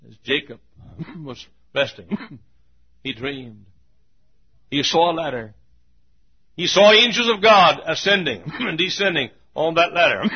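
A man preaching a sermon who swings between shouted peaks and hushed, drawn-out lows, often clearing his throat. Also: lo-fi sound. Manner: frequent throat clearing and coughs.

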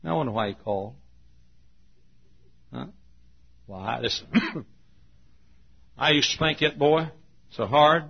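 An older man preaching a sermon in a folksy way, laughing often and shouting for emphasis. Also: medium pitch, lively intonation, slow, vocal fry, long pauses, breathy edge. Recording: muffled old sermon tape.

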